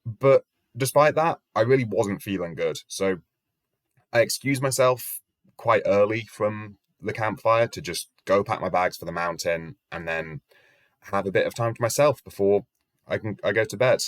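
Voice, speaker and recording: A man's voice: fairly low pitch, moderate pace, no echo. A young man in his twenties telling a travel story in a wry, self-deprecating way, swearing casually. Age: 20s. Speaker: travel vlogger. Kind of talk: storytelling vlog narration. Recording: music playing under voice.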